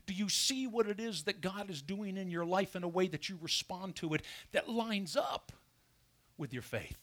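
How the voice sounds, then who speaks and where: A pastor with a high-pitched voice and a normal pace gives an animated sermon from his church pulpit, questioning the congregation rhetorically as he goes.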